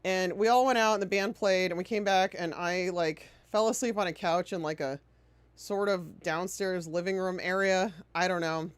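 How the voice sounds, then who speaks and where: A woman's voice: fairly low pitch, steady tone, normal speed, smooth, no echo. A woman streamer chatting casually while playing a game, sarcastic and prone to swearing. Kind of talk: casual chat while gaming.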